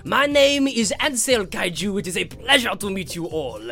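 A man's voice: sits high, animated, normal speed, vocal fry, sharp tone, voice pushed up, heavily acted. A man voicing a courteous male monster who runs a bar, with a put-on French accent and formal, welcoming manners. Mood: gracious.

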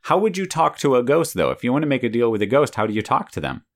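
Give me a woman with an extremely deep voice, patiently questioning a child in a casual chat. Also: sing-song, fast talker. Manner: patient, checks understanding by restating answers. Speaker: interviewer.

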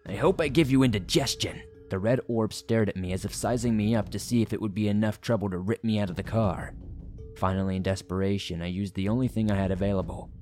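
Guy reading scary stories, low voice, suspenseful, faint music under it. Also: dark tone. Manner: dramatic, suspenseful storytelling. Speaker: horror story narrator. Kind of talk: scripted horror narration.

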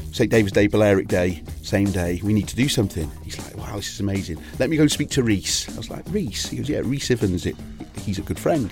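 Welsh male guest, low register, chatty storyteller, faint music underneath. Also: darkish tone. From Wales. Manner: rambling anecdotal storytelling, frequent restarts. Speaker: DJ and record label owner, interview guest. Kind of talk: casual interview chat.

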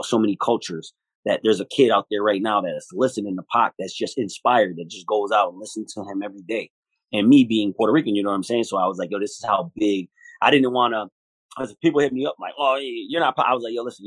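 A lower-voiced man from Buffalo talks about his music as an interview guest. He is animated and profane, keeps saying "you know what I mean," and acts out other people's voices. The sound is dry and close. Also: quick pace, slightly rough, no echo, low-quality recording. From United States, Buffalo, New York. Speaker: hip hop artist, guest. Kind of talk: casual interview talk.

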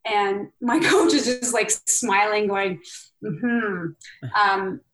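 A middle-aged former Olympic pairs skater, an interview guest, candidly and emotionally recounts a past competition, acting out what people said and using many fillers. She speaks slowly at medium pitch, and the audio is poor.

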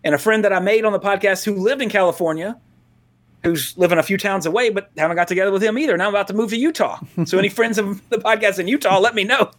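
Fast and a bit bright, this man's high-sitting voice belongs to a podcast co-host from Louisiana. He rambles casually, chases tangents, laughs often and restarts his sentences.

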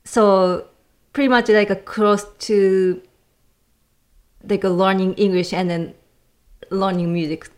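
A woman's voice: mid-range voice, fairly even intonation, takes it slowly, pauses often. Japanese-accented woman searching for words. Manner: searching for words, many fillers. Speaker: guest cellist. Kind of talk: casual podcast chat.

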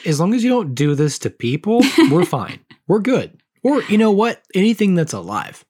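Man, 30s, podcast co-host, deadpan, dead serious, lively pitch swings. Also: moderate pace, slightly rough. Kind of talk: casual podcast chat.

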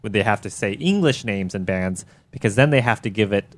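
A man with a lowish voice passes on listener comments on a tech podcast. He hesitates often and fills the gaps with fillers. He keeps a good-humored tone. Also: expressive, a little fast. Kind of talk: casual tech chat.

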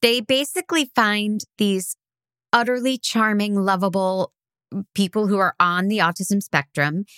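A woman's voice: medium pitch, unhurried, a bit bright, clear, resonant tone, dry recording. A woman co-hosting a podcast in casual chat, earnest and gushing, close to tears with enthusiasm. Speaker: podcast co-host.

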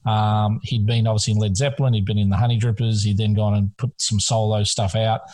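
A man's voice: on the low side, flat delivery, a little fast, a little mellow. A man hosting a casual chat, prompting his guest with questions. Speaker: host.

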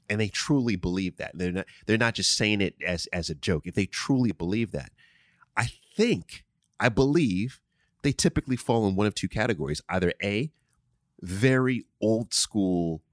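A man with a low voice hosts a show from the studio, giving casual advice as he answers listener questions. He's emphatic, repeats key phrases, and often says "right?"; the sound is clean with no room sound.

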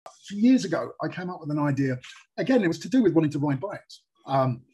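Husky English man, halting chat. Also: fairly high pitch, lively intonation, mellow. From England. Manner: hesitant, many fillers and restarts. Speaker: guest. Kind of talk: casual chat.

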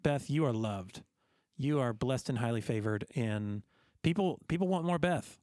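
A man hosts a podcast in loose, joking chat. He often trips over his words and repeats them as he gets going. His voice sits at a middle pitch, recorded dry and close with no room sound. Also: expressive, normal speed, darkish tone, no room sound. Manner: joking, repeats words when starting sentences. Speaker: podcast host.

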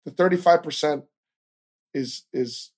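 A man hosting a podcast, ranting in casual, profane commentary with animated outbursts. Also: a little high, a little slow. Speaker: podcast host.

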